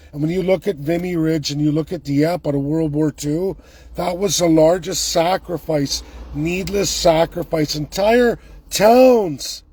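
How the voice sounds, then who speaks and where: A man's voice: a little high, darkish tone, slightly rough, dry recording. A man delivering a heated, emphatic and sarcastic political rant, speaking straight to his viewers. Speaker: political commentator.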